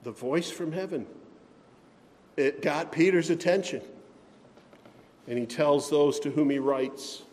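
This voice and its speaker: A man preaching a sermon as pastor, speaking slowly and deliberately and giving scripture readings extra weight. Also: mid-range voice, darkish tone, big-room sound.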